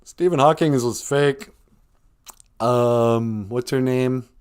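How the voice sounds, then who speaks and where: Deadpan rambling comedy podcast man. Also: medium pitch, takes it slowly, smooth. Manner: rambling, deadpan, mock-earnest. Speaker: podcast host. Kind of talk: deadpan satirical comedy monologue.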